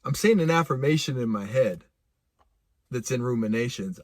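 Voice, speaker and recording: A man telling a personal story casually, animated and laughing, with vivid sound effects. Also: mid-range voice, moderate pace, no echo, clean studio sound. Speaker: speaker.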